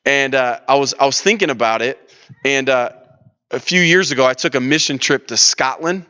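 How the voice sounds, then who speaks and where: A man's voice: mid-range voice, moderate pace, pushed and bright, clean tone, muffled recording. A man leading a church leadership workshop, talking in a casual, storytelling way with lots of restarts and fillers. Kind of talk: conversational teaching session.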